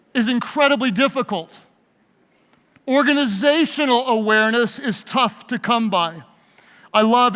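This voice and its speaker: Animated preacher in a big hall. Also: male voice, sits high, smooth. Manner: animated, call-and-response with audience. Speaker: pastor. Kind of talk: sermon-style leadership talk. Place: large hall with live audience. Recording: long hall reverb.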